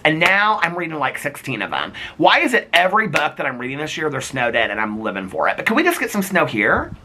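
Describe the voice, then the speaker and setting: A man talks in a casual vlog, chatty and playful, with plenty of laughter. His voice swings up and down in a lively way, and the tone is bright. He is recording outdoors in the cold. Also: fairly high pitch, fast talker, few pauses. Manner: chatty, animated, laughs often, playful asides. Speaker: vlogger.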